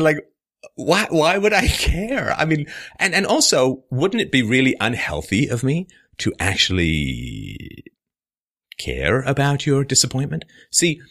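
A man hosts a solo commentary in a lively, forceful voice whose pitch swings widely. He mocks his critics with sarcasm and laughs through his own points. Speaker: host. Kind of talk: monologue commentary responding to a viewer comment.

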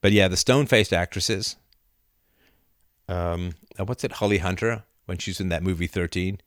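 A middle-aged man hosting a live video chat, reading viewer comments aloud and riffing with animated laughter. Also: sits low, normal speed, no echo, studio quality. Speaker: livestream host answering chat. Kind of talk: casual live-stream chat. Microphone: camera and mic on a live video chat.

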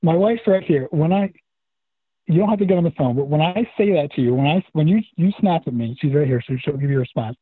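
A hesitant male caller who stumbles and repeats himself. His voice sits a little high and sounds husky. It comes through a tinny, dry phone line. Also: quick pace, no echo. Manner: hesitant, repeats words while speaking. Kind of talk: phone call-in conversation. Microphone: telephone.

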